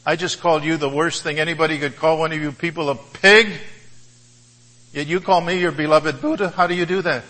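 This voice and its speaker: A man voicing an enraged army colonel who hurls insults, in a raised, forceful voice while telling a story in a sermon. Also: high voice, lively intonation, a little fast, hardly any pauses, pitched above the performer's own voice, rough recording. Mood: indignant. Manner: furious, insulting.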